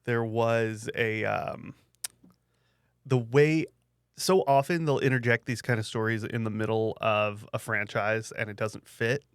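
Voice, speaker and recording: A man co-hosts a casual podcast chat, his voice smooth and resonant and close to a dry microphone. He lays out his thoughts in a measured, articulate way. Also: lowish voice, fairly even intonation, no echo. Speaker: podcast co-host.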